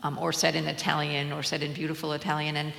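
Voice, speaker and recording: An older woman with a low, gravelly voice, answering audience questions in a hesitant way, full of fillers and restarts. Her voice echoes around a large hall, and faint room ambience sits behind it. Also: completely flat delivery, fast talker, a bit bright. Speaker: translator guest. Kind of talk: onstage Q&A conversation. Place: lecture hall at a public event.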